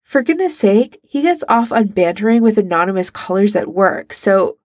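A woman voicing a bold, teasing young woman, her lines pitched higher than her narration, in a fan fiction reading. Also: very animated, normal speed, a little mellow, no echo, studio quality. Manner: teasing and emphatic. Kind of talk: fan fiction read aloud.

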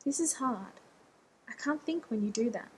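A worn-out, blunt man speaks with tired exasperation, as a woman narrator acts him out. The voice stays fairly high. A faint rumble hums behind it. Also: lively intonation, moderate pace, lightly acted, rough recording. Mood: weary. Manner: weary, blunt.

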